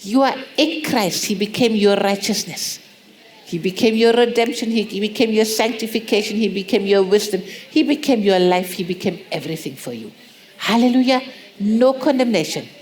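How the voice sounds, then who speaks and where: A woman preaching a sermon, pressing points with repeated rhetorical questions and acting out soft prayers. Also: medium pitch, normal speed. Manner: acts out prayers in soft pleading tones.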